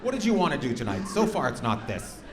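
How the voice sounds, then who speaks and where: A man's voice: medium pitch, wildly swooping pitch, fast talker. A male stand-up comedian doing crowd work in a club, brash and profane as he needles audience members. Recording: echoey club with loud crowd and noise.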